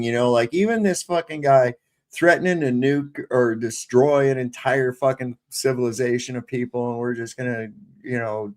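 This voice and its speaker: An older man ranting in casual, profane, exasperated political chat on a livestream panel. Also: mid-range voice.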